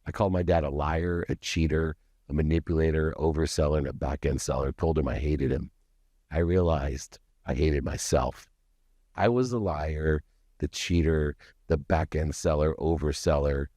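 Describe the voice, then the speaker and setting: A man's voice: extremely low pitch, fairly even intonation, normal speed, warm tone, dry recording, clean studio sound. A man, as a podcast guest, telling a personal story in an intense, confessional way with dramatic emphasis.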